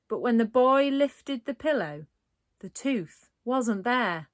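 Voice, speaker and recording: A woman reads a children's storybook aloud with dramatic flair and playful asides. Her pitch moves in a wide, lively way. The sound is close and dry. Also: slow, no echo. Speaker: narrator. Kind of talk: storybook reading.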